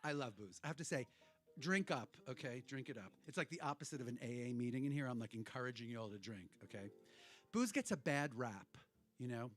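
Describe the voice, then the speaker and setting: A man's voice: mid-range voice, lively intonation, brisk, a bit bright, soft background music. A man hosting a cabaret show, talking to the audience in rambling, irreverent stage banter, swearing freely. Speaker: cabaret host and performer. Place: hotel cabaret room.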